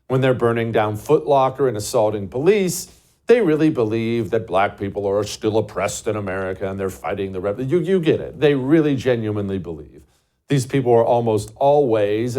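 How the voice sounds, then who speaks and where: A man hosting a show delivers a scornful, emphatic political commentary monologue packed with rhetorical questions. His voice is fairly low in pitch, with a dark tone.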